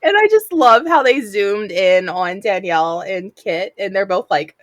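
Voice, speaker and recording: A woman's voice: mid-range voice, a little slow, no echo. A young woman co-hosting a podcast in casual chat, telling stories with laughter. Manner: lively, animated storytelling, laughs often. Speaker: podcast co-host.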